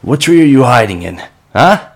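A man voicing an injured, frantic man haunted by his dead ex, who swears and shouts in a raw, unhinged, pained way. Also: on the low side, expressive, takes it slowly, creaky, slightly rough, pitched above the performer's own voice, heavily acted. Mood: desperate. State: coughing and in pain.

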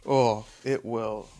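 A man's voice: medium pitch, dark tone. Rambling, profane man, casual storytelling. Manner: profane, rambling, frequent restarts and chuckles.

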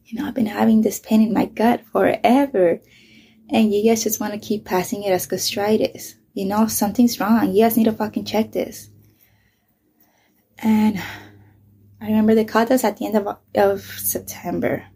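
A vlogger in her thirties tells a story casually and bluntly, swearing a lot and often dropping to a whisper. Her mid-range voice is gravelly and warm with a breathy edge.

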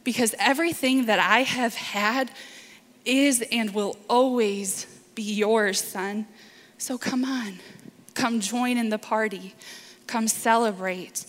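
A woman voicing a joyful, welcoming father. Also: on the high side. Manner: warm, urging, celebratory. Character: loving, joyful father welcoming his son. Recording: reverberant hall.

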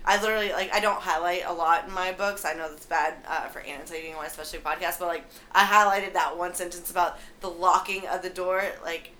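Bright-voiced woman chatting about a book. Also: on the low side, brisk, hardly any pauses. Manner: animated, lots of fillers and swearing. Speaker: podcast co-host. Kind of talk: casual book chat.

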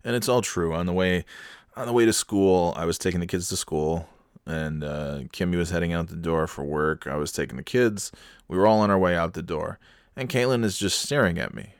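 Low-voiced guy telling a goofy story about his kids, dry close mic, laughs as he goes. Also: clean tone, no echo. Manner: animated, laughing, with quick restarts. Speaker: father telling a family story. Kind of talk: casual storytelling.

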